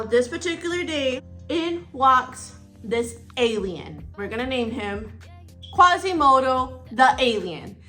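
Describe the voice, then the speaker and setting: A woman's voice: on the high side, bright, forceful tone. A woman casually retelling a storytime while getting ready, playful and coy, spelling out words and giving everyone silly code names. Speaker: storyteller vlogger.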